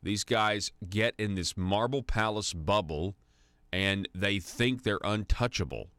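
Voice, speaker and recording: Deep-voiced opinionated talk radio host. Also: male voice, measured pace, fairly bright tone, no room sound. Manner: opinionated, with many restarts and fillers. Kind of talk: political talk radio commentary.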